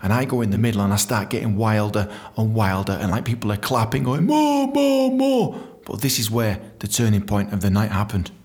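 A man's voice: lowish voice, fairly even intonation, fast, few pauses, a little mellow. A man hosting a podcast, casually telling stories and reading from his book, swearing freely and acting out other people's voices. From England. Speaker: podcast host.

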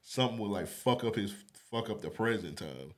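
Brief: male podcast co-host, low voice, relaxed, cussing banter. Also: a little fast. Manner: laid-back, profane, laughs often. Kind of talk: casual chat.

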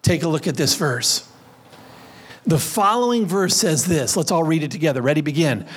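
A man's voice: a little high, expressive, normal speed, husky. A man preaching a sermon, reading scripture aloud and playing with words as he leads his congregation in call and response. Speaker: pastor.

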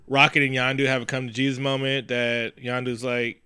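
A man chats casually through a movie recap, joking and swearing as he acts out lines. His voice is bright and crisp, recorded close and dry. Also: medium pitch, flat delivery, moderate pace, hardly any pauses, no room sound. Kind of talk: casual podcast chat.

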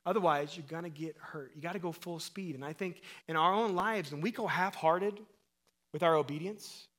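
A man preaching a sermon as pastor, asking his listeners questions and acting out quoted voices, swinging between loud emphatic calls and quiet low passages. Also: normal speed. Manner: acts out quoted voices and asks the crowd questions.

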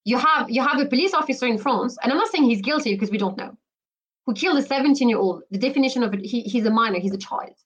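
A woman's voice: fairly high pitch, animated, fast, lo-fi sound. A woman talking as a guest on a podcast interview, emphatic and full of restarts and "you know" fillers. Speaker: guest commentator.

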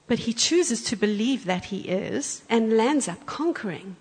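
A woman preaching a sermon in a church, telling a story with lively acted-out quotes. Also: fairly high pitch, a little slow, few pauses, husky. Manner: animated storyteller, acts out quotes. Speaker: guest preacher. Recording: church hall with long reverb.

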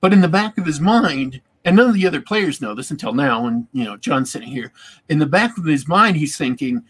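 A man's voice: on the high side, lively intonation, fairly quick, a bit bright, husky. A man in casual chat about tabletop gaming, rambling and repeating words as he thinks.

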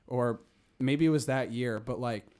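A young man chatting with friends. His voice sits in a middle pitch, and he rambles in a relaxed way. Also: measured pace. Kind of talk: casual chat.

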